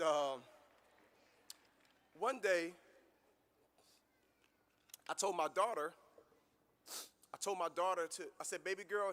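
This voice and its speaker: Guy giving a pep-talk grad speech, high bright voice, storytelling that swells into preacher mode. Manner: storytelling, building to impassioned preaching cadence. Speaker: graduation guest speaker. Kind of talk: motivational speech. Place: graduation ceremony venue.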